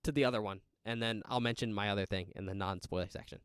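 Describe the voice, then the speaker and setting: A man co-hosting a casual podcast about a horror film, talking in a chatty, animated way and laughing often. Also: fairly low pitch, fast talker, clear, resonant tone, dry recording, clean studio sound. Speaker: podcast co-host. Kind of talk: casual movie chat.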